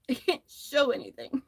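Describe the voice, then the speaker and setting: Hosting a casual crochet livestream from her phone, a woman tells a rambling, friendly story while she works. Her voice sits high and creaky, and the recording is dry.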